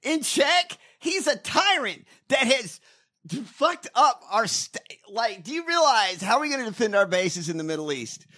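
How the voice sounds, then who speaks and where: A man hosting a casual podcast, ranting with profanity and bursts of shouting. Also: extremely high pitch, very animated, moderate pace. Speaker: podcast host. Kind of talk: casual chat.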